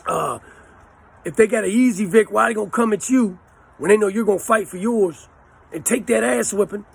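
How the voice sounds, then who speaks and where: A man's voice: high-pitched, normal speed, creaky, breathy edge. A man in his forties, a channel host, telling stories in a blunt, profane way with a lot of street slang. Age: 40s. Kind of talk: casual storytelling to camera.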